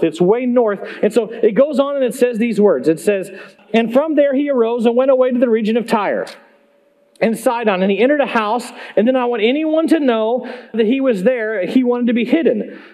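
A high-voiced male pastor preaches in a loose, conversational way. He stays animated and keeps drawing the congregation in with questions. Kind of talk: sermon.

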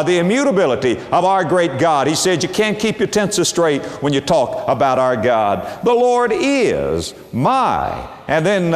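Man, sermon, animated, dramatic pitch swings, echoey church hall. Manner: lively, dramatic swings from soft low tones to high emphasis. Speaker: preacher.

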